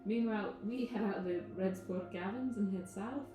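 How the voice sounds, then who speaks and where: A woman's voice: mid-range voice, moderate pace. Chatty woman at a tabletop game. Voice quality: chatty, rambling plans. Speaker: player. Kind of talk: casual tabletop game talk. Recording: roomy sound with background music.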